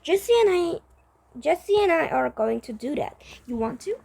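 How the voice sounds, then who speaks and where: A woman's voice: extremely high pitch, very animated, normal speed, creaky, a little mellow, voice pushed up, full character voice. A woman reading aloud, voicing an eager, scheming schoolboy skater in a storybook with an upbeat, persuasive manner.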